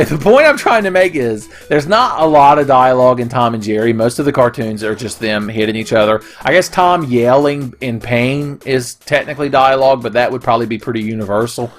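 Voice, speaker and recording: A man hosting a gaming video, rambling and profane in casual commentary. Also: medium pitch. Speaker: gaming channel host.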